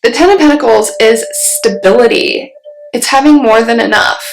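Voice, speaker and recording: A woman giving a solo tarot reading, musing aloud and pausing to put questions to spirit as she turns the cards. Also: fairly high pitch, gravelly, faint music behind. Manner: slow, musing, talks to spirit mid-reading. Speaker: tarot reader. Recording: roomy echo.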